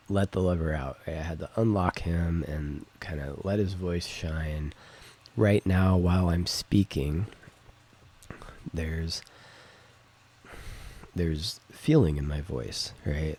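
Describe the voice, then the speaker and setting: Low, mellow man talking loosely. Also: breathy edge. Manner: rambling, lots of fillers and "right?". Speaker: podcast host. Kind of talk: casual reflective monologue. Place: home recording setup. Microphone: studio microphone with interface.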